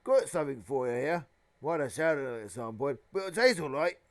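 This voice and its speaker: A man voicing a huge, shaggy male giant who talks bluntly and homely, half gruff and half kind. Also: fairly high pitch, lively intonation, fairly quick, pitched above the performer's own voice, natural voice. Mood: cheerful.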